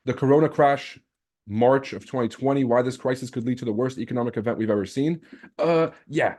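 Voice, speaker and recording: A man's voice: medium pitch, fairly quick, a little mellow. A man hosting a live trading stream, chatting casually, brash and teasing as he reads out the chat and swears freely. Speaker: trading livestream host.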